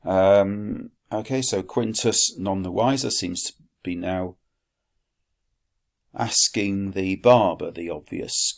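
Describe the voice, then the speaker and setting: Male teacher, deep gravelly voice, unhurried delivery, dry wit. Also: animated. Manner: dry wry asides, slow deliberate explanation. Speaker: Latin teacher. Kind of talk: recorded classroom lesson.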